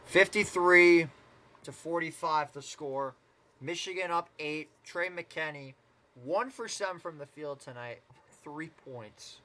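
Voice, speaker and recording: A man's voice: a little high, takes it slowly, bright, forceful tone. A man doing casual live play-by-play commentary of a basketball game, with chatty asides and mild swearing.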